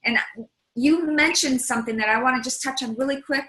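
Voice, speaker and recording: A woman's voice: sits high, fairly quick, fairly bright tone, echoey room, low-quality recording. A woman hosting an online business training, encouraging and affirming participants. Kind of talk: supportive webinar hosting.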